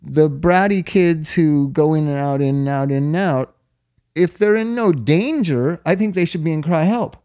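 A man's voice: fairly high pitch, normal speed, mellow. A man in casual conversation, telling rambling stories and swearing freely. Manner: profane, rambling storyteller. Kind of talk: casual chat.

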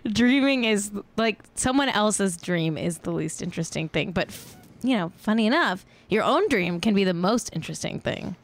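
A Californian woman in her thirties hosts a casual celebrity-news chat on a live stream, speaking in a mid-range voice with lively intonation at a moderate pace. She's a podcast host who rambles, pokes fun at herself, and giggles.

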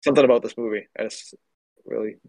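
A man's voice: mid-range voice, steady tone, quick pace, creaky, darkish tone, dry recording. A man in casual chat, rambling and swearing often.

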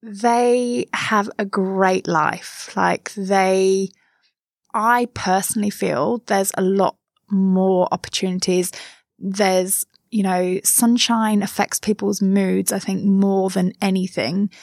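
A woman from England speaks with a southern English accent, her thirties voice carrying a gravelly edge. She talks in a chatty, frank way and laughs easily. The sound is dry and close. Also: medium pitch, fairly even intonation, takes it slowly, darkish tone, no room sound. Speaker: interviewee, mother living abroad. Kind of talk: casual interview chat.

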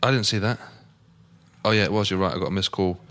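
Guy hosting a footie podcast, low voice, chatty, a bit halting. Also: fairly bright tone. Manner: conversational, hesitant restarts. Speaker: podcast host. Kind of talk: casual podcast chat.

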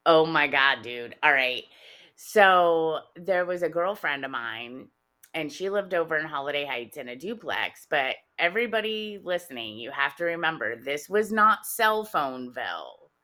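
A woman's voice: low voice, moderate pace. A woman co-hosting a podcast, telling stories in casual chat and laughing through them. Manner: animated storyteller, laughs often mid-sentence. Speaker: podcast co-host.

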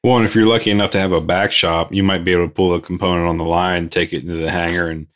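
Man, deep low voice, relaxed aviation maintainer, dry wit, measured and hedging. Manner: thoughtful, hedging with ums, dry humor. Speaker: aircraft maintainer. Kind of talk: casual shop talk.

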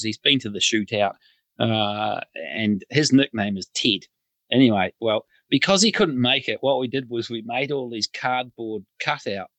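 Bright-voiced New man telling stories. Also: medium pitch, dry recording. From New Zealand. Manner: chuckling storyteller. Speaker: guest. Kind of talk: casual anecdote.

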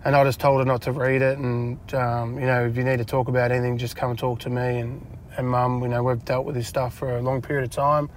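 A man's voice: medium pitch, flat delivery, fast talker, a little hiss or hum. Chatty Australian man in a car. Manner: chatty, self-deprecating, lots of fillers. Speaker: interview guest. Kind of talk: casual chat. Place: inside a parked car.

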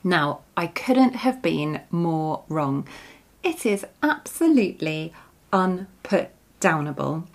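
A woman's voice: lowish voice, very animated, slow. A woman in her thirties hosting a podcast, talking through a book she recommends in a chatty, friendly way. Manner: chatty, breaks into giggles while reading aloud. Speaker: podcast host. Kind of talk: book review monologue.

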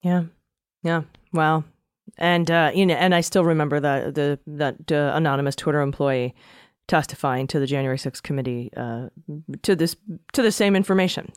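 A woman's voice: deep voice, clean tone, no room sound, studio quality. A woman co-hosting a political podcast, talking in a blunt, casual way and swearing. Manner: blunt, casual, swears, laughs at her own jabs. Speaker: podcast co-host.

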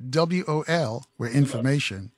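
A man hosting a radio call-in show, brisk and interjecting, reading out the call-in number. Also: medium pitch. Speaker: radio host.

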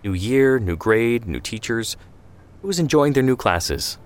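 A man voicing a gentle father who cheerfully changes the subject. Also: mid-range voice, lively intonation, a little slow, natural voice.

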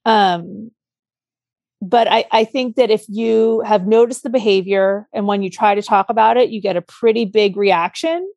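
A creaky, darkish, medium-pitched woman's voice comes through a dry recording. She co-hosts a podcast, earnestly and casually working through parenting examples step by step, and acts out a child's outburst along the way.

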